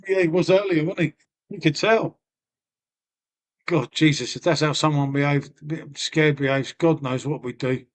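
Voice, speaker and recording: A man's voice: a little high, fairly even intonation, unhurried, pauses often. A middle-aged man, chatting casually and rambling to his live-stream viewers, swearing and laughing often.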